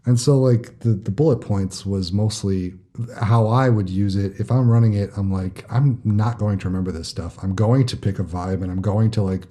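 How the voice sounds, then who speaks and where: Male co-host, very dark low voice, blunt and foul-mouthed in casual chat. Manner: blunt, swears freely, quick talker. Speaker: podcast co-host.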